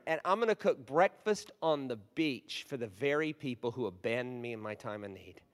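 A man in his forties preaching a storytelling sermon, animated, moving from hushed asides to loud bursts. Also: mid-range voice, a little fast, few pauses, smooth. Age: 40s. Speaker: guest preacher. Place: large church hall. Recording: long hall reverb.

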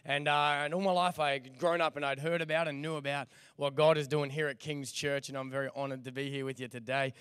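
Young Australian male guest preacher, hoarse but energetic, fairly high clear voice. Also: brisk, hardly any pauses, no room sound, clean studio sound. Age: young adult. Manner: energetic, jokey, calls out to the crowd. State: hoarse, voice nearly lost. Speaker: guest pastor. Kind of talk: church sermon.

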